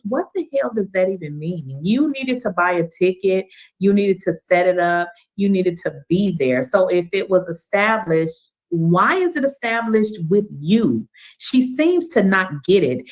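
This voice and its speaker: A woman's voice: medium pitch, animated, measured pace, rough recording. A woman hosting a reaction commentary, blunt and incredulous, firing rhetorical questions while facing a camera. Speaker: commentary host.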